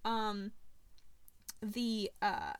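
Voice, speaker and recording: A woman's voice: mid-range voice, drawn-out words, smooth. A woman in casual chat, retelling a film's plot to a friend with lots of laughs and fillers. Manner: animated, laughs often, many fillers. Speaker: podcast co-host recapping a film.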